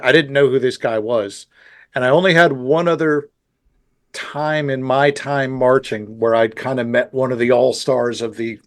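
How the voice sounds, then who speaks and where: A man hosting a podcast interview, telling stories in a rambling, chatty way with many restarts and asides. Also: mid-range voice. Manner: rambling, self-correcting storyteller. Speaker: podcast host. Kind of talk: casual interview chat.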